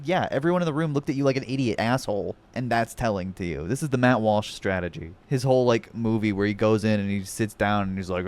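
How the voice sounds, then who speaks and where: A man's voice: lowish voice, fast talker, hardly any pauses. Sarcastic, foul-mouthed young man. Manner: sarcastic, profane, mocking. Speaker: host reacting to videos. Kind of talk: casual reaction commentary.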